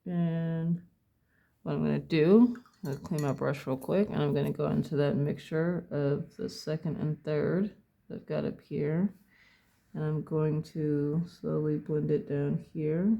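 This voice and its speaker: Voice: medium pitch, fairly even intonation, a little slow, gravelly, mellow. A painting instructor casually talking through each brushstroke at a desk, thinking aloud and correcting themself as they go. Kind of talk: casual step-by-step painting demo. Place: at a home desk.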